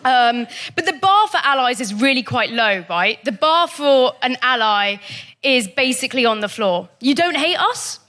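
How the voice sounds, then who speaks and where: A stand-up comic working the crowd in a dry, conversational way on a comedy club stage. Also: female voice, fairly high pitch, expressive, moderate pace, sharp tone. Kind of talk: stand-up routine.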